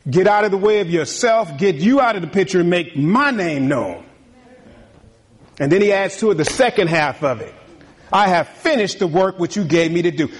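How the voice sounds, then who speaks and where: A man's voice: sits high, animated, normal speed. A man, a pastor, preaching a sermon in a conversational way, laughing often and building to emphatic bursts.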